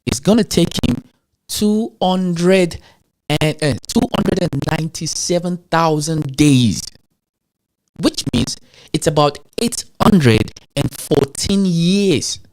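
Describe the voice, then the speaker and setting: A man with an African accent hosting a show, talking to his audience in an animated rant full of rhetorical questions. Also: fairly high pitch, slow pace. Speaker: show host. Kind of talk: animated ranting commentary.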